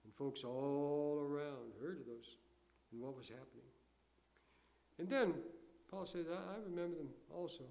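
Folksy older preacher, fairly high voice. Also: male voice, moderate pace, vocal fry, pauses often. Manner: folksy storytelling preacher, swings between loud emphasis and quiet asides. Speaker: pastor. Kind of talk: sermon.

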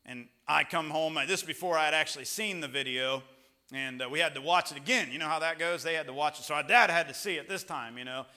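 A man, a pastor and father, preaching a sermon mixed with family stories, swinging from loud emphasis to hushed tones. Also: on the high side, fast talker. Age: young children at home, father.

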